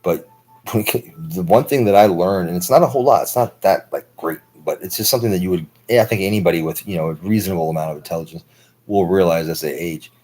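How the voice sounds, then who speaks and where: A man's voice: sits low, quick pace, a little mellow, slightly rough, rough recording. A man in his thirties talking through a long, profane, rambling monologue for his stream, full of filler words. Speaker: livestream host.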